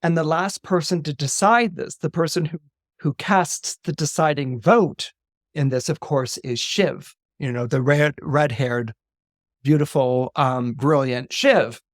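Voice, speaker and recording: Animated male storyteller, dry sound. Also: on the high side, measured pace, no room sound. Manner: animated, repeats words, acts out dialogue. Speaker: astrologer guest.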